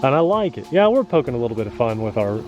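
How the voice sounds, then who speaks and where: A man of ordinary pitch talks easily and a little jokingly as he reviews a remote-control boat outdoors on a windy day. His manner is loose and chatty, like a regular hobby host. Faint music sits behind him. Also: very animated, very fast, highs cut off. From rural United States. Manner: easygoing, chatty, jokey. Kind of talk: casual outdoor review chat.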